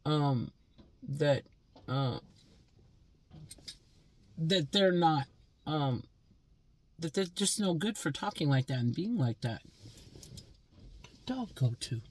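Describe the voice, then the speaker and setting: A woman's voice: low voice, animated, slow pace, long pauses. A woman in her sixties from Pennsylvania, delivering a blunt, profane, scolding monologue as a vlogger. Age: 60s.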